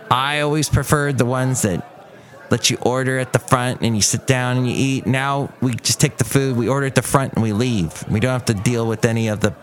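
A man hosting a podcast as a loose, comic solo monologue, wandering off on tangents and joking at his own expense. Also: mid-range voice. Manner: rambling, self-mocking asides. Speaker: podcast host. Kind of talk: casual comedic monologue.

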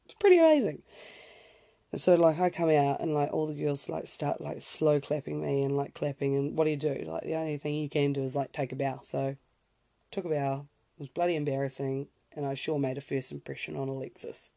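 Young aussie woman yarning a story on her podcast, heaps of likes, bit of fry, warm low-key tone, dry close sound. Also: little pitch movement, a little fast, dry recording. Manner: chatty, lots of fillers, self-interrupting asides. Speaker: podcast host. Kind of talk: casual storytelling.

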